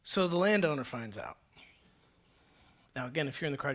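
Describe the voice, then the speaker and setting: A high-voiced male pastor delivering a sermon in a playful, conversational way. He tells stories animatedly and slips in asides to the congregation. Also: animated, brisk, fairly bright tone. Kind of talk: sermon with acted-out storytelling.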